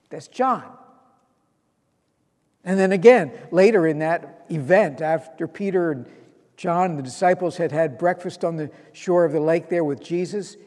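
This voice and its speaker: Man, sermon, earnest, scripture quoting, slightly high voice, long hall reverb. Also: measured pace, a little mellow. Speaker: preacher.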